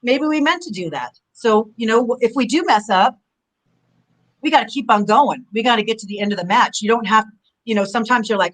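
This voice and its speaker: A woman's voice: a little high, brisk, low-quality recording. A middle-aged woman from Southern California, a former wrestler, chatting as a guest on a video-call interview and rambling through her stories. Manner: rambling, animated storyteller. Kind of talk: casual interview chat.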